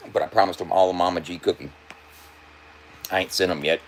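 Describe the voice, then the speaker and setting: A man's voice: low voice, gravelly, fairly bright tone, slight background noise. A man livestreaming and talking loosely to his chat, swearing freely and laughing often. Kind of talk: casual livestream banter.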